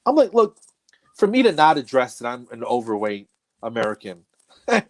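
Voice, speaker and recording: A man's voice: medium pitch, sing-song, normal speed. Middle-aged male comedian guest, casual storyteller, self-deprecating, laughs through his lines, mid-range voice.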